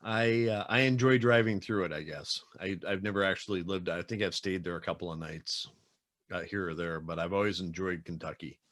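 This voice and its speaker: A man's voice: low-pitched, a little fast, fairly bright tone. A man from South Dakota hosting a podcast interview, chatting in a loose, rambling way and slipping into playful voices. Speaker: podcast host. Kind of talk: casual interview chat.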